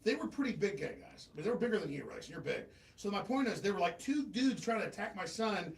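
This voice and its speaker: A middle-aged man hosting a talk show, speaking forcefully and emphatically, cutting in on others. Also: high voice, big pitch swings, fast talker, gravelly, slightly rough. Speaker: show host.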